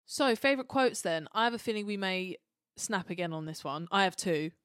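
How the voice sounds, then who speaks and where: A woman's voice: mid-range voice, expressive, a little fast, fairly bright tone, no room sound, studio quality. A woman co-hosting a podcast in casual chat, bubbly and enthusiastic. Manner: bubbly, enthusiastic, laughs often. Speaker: podcast co-host.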